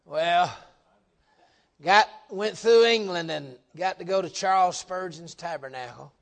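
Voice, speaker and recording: A middle-aged man preaching a folksy revival sermon, joking with the congregation and swelling into loud emphatic bursts. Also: high-pitched, measured pace, vocal fry.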